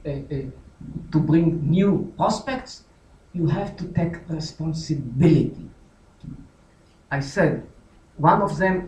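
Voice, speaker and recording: A man's voice: on the high side, a little mellow. Emphatic man lecturing in an echoey hall. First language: Hebrew. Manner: emphatic, repetitive, rhetorical. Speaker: guest lecturer. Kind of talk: lecture Q&A answer. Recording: echoey hall, distant, dull.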